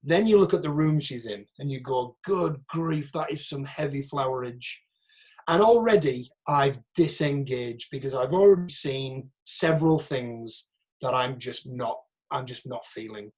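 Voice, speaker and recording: A man's voice: medium pitch, normal speed, a little mellow. A man with a Northeast English accent, an acting agent, giving a frank, chatty online workshop over a video call and picking apart audition clips.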